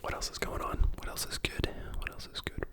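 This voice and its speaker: A person in their twenties whispering a casual ASMR ramble at home, chatty and full of fillers. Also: fairly quick. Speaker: ASMR creator and dental student.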